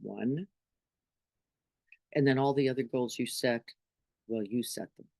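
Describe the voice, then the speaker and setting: Her voice extremely low, a little slow, creaky and somewhat mellow, a middle-aged teacher gives her group an informal spiritual talk. She keeps it conversational, frequently asking "right?" to check in, and the recording is dry.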